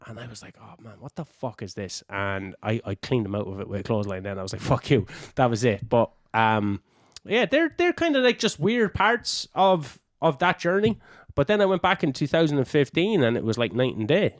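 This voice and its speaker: Young Irish wrestler, podcast guest, loose and profane anecdotes, dry close mic. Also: male voice, mid-range voice, moderate pace, no echo. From Ireland. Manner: swears freely, animated anecdotes. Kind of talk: casual storytelling.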